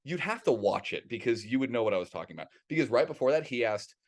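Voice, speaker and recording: A man co-hosting a podcast, chatting casually and telling a story in a rambling, animated way with plenty of swearing. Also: medium pitch, quick pace. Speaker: podcast co-host.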